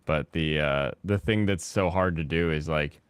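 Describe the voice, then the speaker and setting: A man hosting a casual chat while he plays a game, talking in a rambling, halting way with many fillers. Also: rumbling low, smooth, dry recording. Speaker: host.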